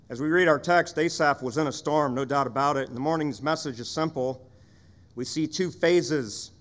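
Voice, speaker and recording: A male pastor with a medium-pitched voice preaches a sermon, speaking earnestly and conversationally and asking frequent rhetorical questions.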